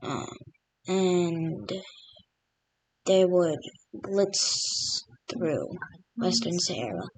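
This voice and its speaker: Slow, rambling woman narrating a map. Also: lowish voice, big pitch swings, no room sound. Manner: rambling, full of fillers like "literally" and "like". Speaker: map video creator. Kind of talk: casual narration over a map.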